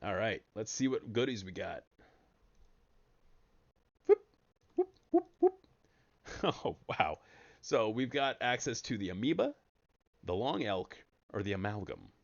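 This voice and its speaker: A man giving casual, jokey commentary while streaming a card game, breaking into sudden high excited yelps. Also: unhurried, pauses often, dull audio.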